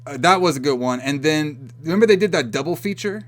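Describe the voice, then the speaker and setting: A man's voice: on the high side, lively intonation, fairly quick, a bit bright. A man co-hosting a podcast, casually recapping a film and acting out the characters' lines with swearing and laughter. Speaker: podcast co-host. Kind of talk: casual movie recap chat.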